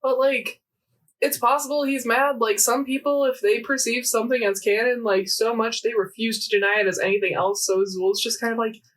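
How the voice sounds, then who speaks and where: A woman's voice: fairly high pitch, brisk, distant mic. Chatty young woman, slightly off-mic. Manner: rambling and animated, full of fillers and quoted dialogue. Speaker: podcast co-host. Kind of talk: casual chat recapping a game event.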